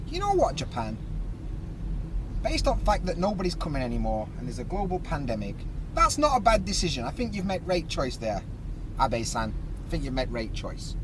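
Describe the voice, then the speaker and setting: A man's voice: fairly high pitch, background noise. A man hosting a podcast, ranting in a casual, sweary, comedic way. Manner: animated, swearing, dialect phrasing. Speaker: podcast host.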